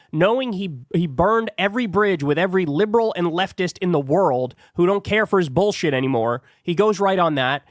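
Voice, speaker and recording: A man's voice: high-pitched, lively intonation, fairly quick, few pauses, dry recording, studio quality. A man hosting a heated political commentary show, sarcastic and profane.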